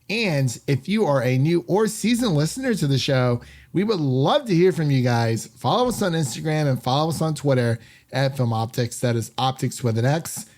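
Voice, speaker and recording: A man's voice: medium pitch, a little mellow. A man hosting a film podcast in a casual, upbeat and chatty manner. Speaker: podcast host.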